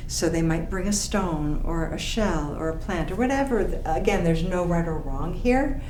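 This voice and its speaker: A woman teaching frame drum and tambourine, calling out rhythm syllables and guiding gently and calmly. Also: fairly low pitch, a little hiss or hum. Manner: calm, slow, encouraging instruction. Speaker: drumming teacher. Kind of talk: instructional lesson with vocal rhythm counting. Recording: echoey room with tambourine and drum. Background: frame drum and tambourine playing.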